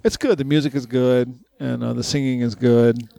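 A man co-hosting a podcast in casual chat, an animated storyteller who laughs often and swears freely. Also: mid-range voice, moderate pace, creaky. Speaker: podcast co-host.

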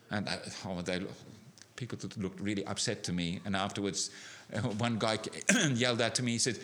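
A middle-aged man preaching a sermon, animated, building to emphatic peaks with frequent restarts. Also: medium pitch, a little fast.

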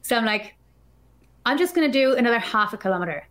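Woman, podcast guest, slightly high voice, animated storytelling, chatty, lots of filler words. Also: fast. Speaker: podcast guest, developer advocate. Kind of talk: casual storytelling chat.

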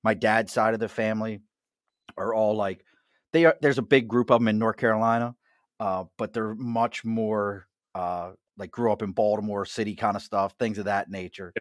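With a Mid-Atlantic American accent, a middle-aged host keeps a casual bar chat jokey and full of laughter. He speaks at normal speed in a steady, fairly low voice, and the audio is studio quality with no echo.

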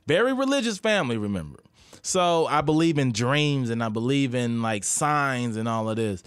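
A man's voice: medium pitch, normal speed, clear, resonant tone, no room sound, studio quality. A young man from St. Louis, a comedian telling wild stories in casual chat, laughing often and acting out what people said. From St. Louis, USA. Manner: animated, laughs often, acts out quotes. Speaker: guest comedian. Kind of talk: casual storytelling.

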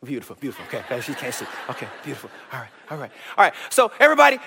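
A man preaching a lively sermon to a church congregation, acting out taunts and calling up a volunteer. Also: medium pitch, rapid-fire, creaky, big-room sound, slight background noise. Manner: animated preaching, trash-talk impressions. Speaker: pastor. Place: church stage.

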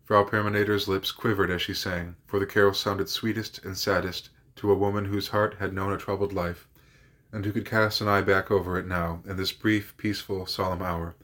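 Lowish male voice reading a novel out loud, steady and measured, podcast host doing audiobook style. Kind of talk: audiobook narration.

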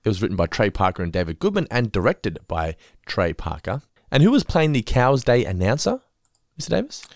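A man's voice: lowish voice, wildly swooping pitch, fairly quick, vocal fry, no room sound, studio quality. A man hosting a podcast, casually recapping an episode with laughs and the odd swear. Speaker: podcast host.

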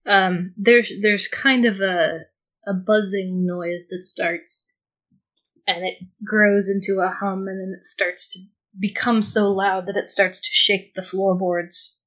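A woman's voice: medium pitch, fairly even intonation, slow, fairly bright tone, highs cut off. A woman playing a tabletop game, describing her character's actions in a hesitant, thoughtful way. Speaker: player.

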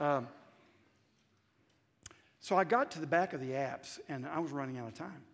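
A man with a Southern American accent preaching a sermon, telling a story and swinging between hushed asides and loud, emphatic climaxes. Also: on the high side, gravelly. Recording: reverberant hall.

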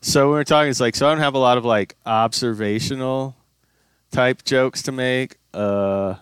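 A man's voice: medium pitch, steady tone, moderate pace, clean tone, dry recording, clean studio sound. A young man co-hosting a casual comedy podcast, rambling through a story with plenty of fillers and casual swearing. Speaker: podcast co-host.

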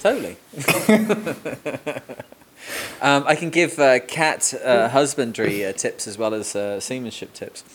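A man's voice: mid-range voice, slow pace, long pauses, noisy background. Rambling, joking man hosting from home. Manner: joking, rambling with many fillers. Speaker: podcast host. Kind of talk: casual remote interview chat. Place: home room with a cat.

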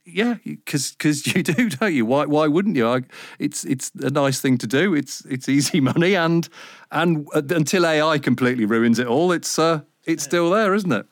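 A man in his fifties, a radio presenter, talking casually in an interview, lively and quick to swear and mimic others. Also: on the high side, no room sound, clean studio sound. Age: 50s. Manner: animated, swears, mimics voices in anecdotes.

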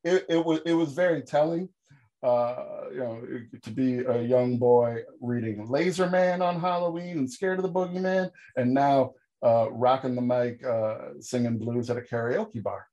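A man co-hosting a podcast, recapping a horror movie with sarcastic jokes. His voice sits mid-range, and he leaps suddenly upward in pitch when he lands a punchline. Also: unhurried, hardly any pauses, highs cut off. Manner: animated sarcastic storytelling with sudden pitch jumps. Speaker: podcast co-host. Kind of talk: casual comedic film review chat.

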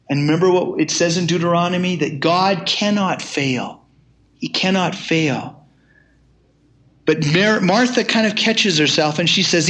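An older man preaching a sermon, reading scripture aloud in measured tones and then retelling it casually with chuckles. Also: on the high side, a bit bright. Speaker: pastor.

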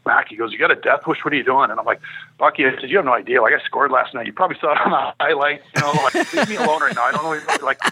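Fast, bright-voiced storyteller man, husky. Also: mid-range voice, poor audio. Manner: animated, laughing, acting out quotes. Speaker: guest storyteller, former hockey player. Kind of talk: casual storytelling on a podcast.

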